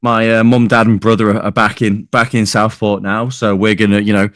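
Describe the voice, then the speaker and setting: Podcast guest, young man, smooth and easygoing, dry close sound. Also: on the low side, flat delivery, a bit bright, no echo. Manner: easygoing, halting, restarts often. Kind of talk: casual chat.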